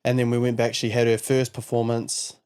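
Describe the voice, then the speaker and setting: A man's voice: medium pitch, monotone, a little fast, a little mellow, smooth. A man with a New Zealand accent, hosting a podcast and telling a story in an earnest, casual way. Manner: earnest, storytelling, many fillers. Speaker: podcast host. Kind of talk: casual chat.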